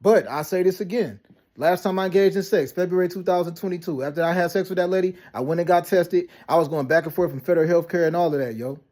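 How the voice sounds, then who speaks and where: A man ranting to camera about being lied about, talking fast with heavy slang, profanity and many restarts. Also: high voice, darkish tone. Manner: fast, repetitive storytelling with frequent restarts and "you know what I'm saying". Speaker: vlogger. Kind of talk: rambling personal rant to camera.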